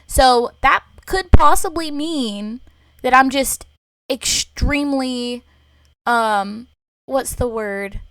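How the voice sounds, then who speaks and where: Podcast co-host: American woman, higher-pitched, playful and jokey, dry close sound. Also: slow pace, a bit bright, no echo. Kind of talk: casual chat.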